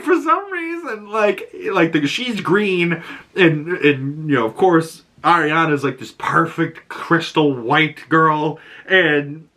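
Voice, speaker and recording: A man talks through a film review with no script, rambling from point to point and swearing freely. His voice sits at an ordinary pitch but has a bright, sharp edge. He laughs often and bursts into loud exclamations. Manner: animated, shifts into loud exclamations. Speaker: movie reviewer. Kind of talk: casual unscripted film review.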